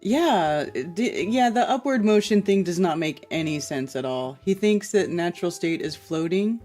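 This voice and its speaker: A woman's voice: fairly low pitch, animated, moderate pace, darkish tone, faint music behind. A woman hosting a casual livestream, chatting and reacting with laughs as she comments on a played clip and reads out viewer comments. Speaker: livestream host.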